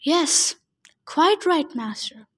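A woman reading the part of a malicious old male ghost king, speaking slowly and mockingly. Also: high-pitched, lightly acted. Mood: sneering. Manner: slow, sneering, mocking. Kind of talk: audiobook character reading.

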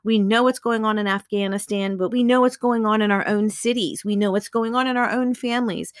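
A woman's voice: mid-range voice, fairly even intonation, fairly quick, hardly any pauses, no echo, studio quality. Earnest woman teaching a devotional. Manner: earnest, conversational, with casual fillers. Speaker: Bible teacher.

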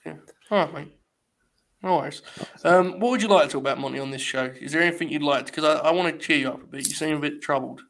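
Host, a bit higher voice, teasing and swearing, laughs a lot. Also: male voice, quick pace, vocal fry, fairly bright tone. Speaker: podcast host. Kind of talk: casual chat.

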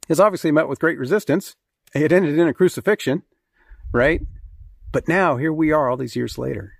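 A man's voice: medium pitch, vocal fry, no echo. Earnest man preaching in a dry room. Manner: earnest, conversational, with fillers and restarts. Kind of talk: sermon with scripture reading.

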